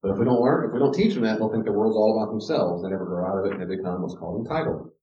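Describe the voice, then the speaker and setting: A middle-aged man giving a sermon-style teaching, animated, often acting out children's voices. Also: lowish voice, rapid-fire. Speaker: pastor teaching a class. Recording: echoey room, dull lo-fi sound.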